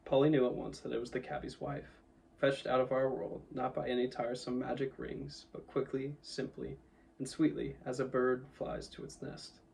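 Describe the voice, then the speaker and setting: A man's voice: medium pitch, level tone, normal speed, gravelly, a little mellow, recorded from a distance, rough recording. Man, voorlezer, verhalend, krakerige stem, wat ver van de microfoon. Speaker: audiobook reader. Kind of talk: storybook narration.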